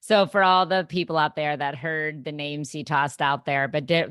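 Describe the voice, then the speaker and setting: Female podcast host, low-pitched, clear recap style, dry sound. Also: fairly even intonation, moderate pace, fairly bright tone, no echo. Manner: attentive, with constant short agreements. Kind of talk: podcast interview.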